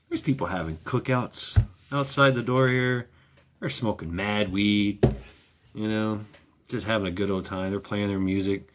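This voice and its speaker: A man's voice: on the low side, measured pace, background noise. A man talking in a casual, rambling monologue, sardonic and profane, chuckling often. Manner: wry. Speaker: vlogger.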